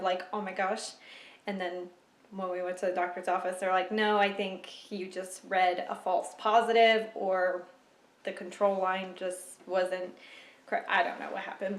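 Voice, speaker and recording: A young woman vlogger chatting casually to camera at home, emotional and quick to laugh. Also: mid-range voice. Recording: echoey room.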